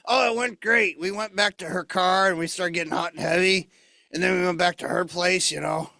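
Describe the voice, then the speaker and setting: A man's voice: high-pitched, vocal fry, no echo, studio quality, full character voice. A man doing a boozy, mean alien eyeball puppet. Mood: smug. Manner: deadpan insult wisecracks, slow drunken delivery.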